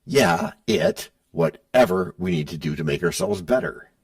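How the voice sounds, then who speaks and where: A man's voice: low voice, unhurried, vocal fry, recorded from a distance. A man hosting a podcast, bantering in a playful, teasing way. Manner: playful, teasing, lively delivery. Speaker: podcast host.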